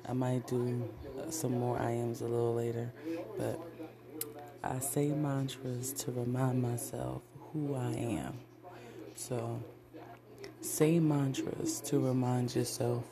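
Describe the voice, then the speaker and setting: A man in a motivational vlog, reciting affirmations in slow, deliberate, repeated declarations. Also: mid-range voice. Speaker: vlogger. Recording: loud crowd noise behind the voice.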